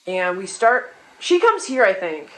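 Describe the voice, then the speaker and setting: A young woman spins a chaotic personal anecdote for laughs, swearing freely and doubling back on herself constantly. Her pitch sits in an ordinary middle range, and the telling is loose and conversational. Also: big pitch swings, unhurried, a bit bright, rough recording. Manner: rambling, profane, many restarts and asides. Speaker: storyteller. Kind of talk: casual comedic storytelling.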